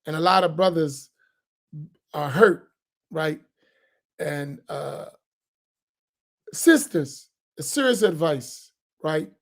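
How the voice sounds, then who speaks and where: A man speaks as an imam on a panel, earnest and deliberate. He repeats his key phrases to drive the point home. His delivery is measured and sincere. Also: fairly high pitch, animated. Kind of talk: earnest advice talk.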